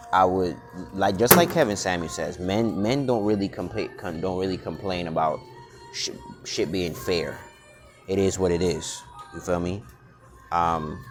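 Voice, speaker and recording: A man vlogging in a blunt, profane, unscripted monologue, often restarting and repeating words. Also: deep voice. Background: music.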